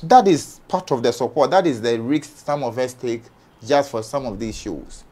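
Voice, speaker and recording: A man's voice: mid-range voice, moderate pace. A man from Ghana on an entertainment panel, arguing heatedly and firing off rhetorical questions. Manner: forceful, argumentative, rhetorical questions.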